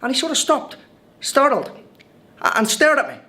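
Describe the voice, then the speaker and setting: With a very high, bright and forceful voice at normal speed, a man narrates a scripted film monologue as a chatty, wide-eyed Irish newcomer, his accent clear from the opening line. The telling is wry and cheerful, with hesitant restarts and a word stumbled over now and then.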